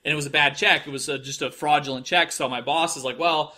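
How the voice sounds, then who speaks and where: Young man, midwestern accent, bright tense tone, swearing, rambling, slightly high voice. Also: fairly even intonation, fast talker. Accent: Midwestern American. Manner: profane, rambling, mocks people in put-on high voices. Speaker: podcast host. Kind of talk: casual storytelling monologue.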